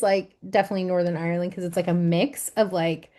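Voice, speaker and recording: A woman's voice: on the low side, fairly even intonation, fast, few pauses, mellow. A woman co-hosting a podcast in a casual chat, rambling with lots of fillers and frequent laughter. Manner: giggly, rambling with many fillers. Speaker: podcast co-host.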